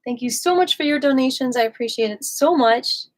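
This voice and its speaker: A woman leading a live qigong class, gushing and encouraging, swooping high on affectionate words. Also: fairly quick, rough recording. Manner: gushing, sing-song, warmly encouraging. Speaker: qigong and yoga instructor. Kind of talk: live online movement class.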